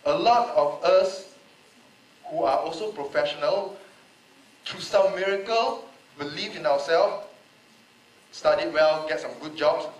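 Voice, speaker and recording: A man's voice: a little high, measured pace, long pauses. Impassioned man speaking in an echoey hall. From Malaysia. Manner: emotional, pleading, repeats rhetorical questions. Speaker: panel speaker. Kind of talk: impassioned public debate speech. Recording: echoey hall, voice a bit far off.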